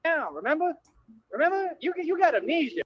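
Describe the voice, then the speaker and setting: High-pitched guy ranting at his viewers on a stream, slangy and combative, dry dull audio. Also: sing-song, a little fast, no room sound. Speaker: livestreamer. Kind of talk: ranting livestream monologue.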